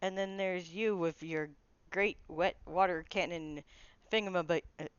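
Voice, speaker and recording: A woman voicing a male lizard workman in a put-on Cockney accent, loud and rambling, fumbling for words. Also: fairly low pitch, fairly even intonation, unhurried, smooth, no room sound, dull audio, lightly acted. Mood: cheery.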